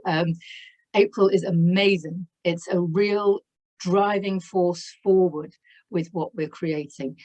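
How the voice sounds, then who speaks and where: A woman's voice: on the low side, low-quality recording. A woman giving a spiritual tarot reading to camera, effusive and exclaiming in wonder, laughing often as she talks. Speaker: tarot reader.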